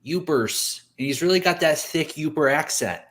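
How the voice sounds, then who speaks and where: A man co-hosting a casual talk show, rambling and halting as he talks. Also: on the high side, a bit bright. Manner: rambling, halting, many fillers. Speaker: podcast co-host. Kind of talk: casual chat.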